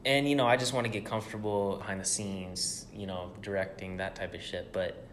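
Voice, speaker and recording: Rambling, low-voiced young man. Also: fairly even intonation, brisk, slight background noise. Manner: loose, profane, rambling storytelling. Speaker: podcast co-host. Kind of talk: casual chat.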